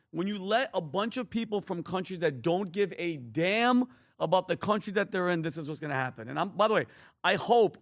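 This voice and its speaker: A man's voice: high-pitched, no room sound, clean studio sound. A man co-hosting a talk show, giving heated, emphatic political commentary and directing the screen operator. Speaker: co-host.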